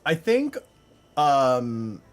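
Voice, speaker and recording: A man's voice: medium pitch, big pitch swings, drawn-out words, soft background music. A man live-streaming from home, chatting casually with viewers, rambling with lots of fillers and frequent laughs. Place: home room.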